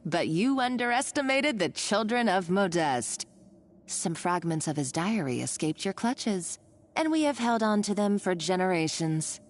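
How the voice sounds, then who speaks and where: A woman's voice: mid-range voice, natural voice. A woman voicing a theatrical villainess treasure hunter. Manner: theatrical, gloating villain delivery.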